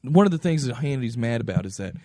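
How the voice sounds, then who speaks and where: A man in casual podcast talk, rambling and restarting his sentences as he goes. His voice sits at an ordinary middle pitch. The sound is close and dry, with no room echo. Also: lively intonation, fast talker, mellow. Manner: rambling, many restarts and fillers. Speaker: podcast co-host. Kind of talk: casual chat.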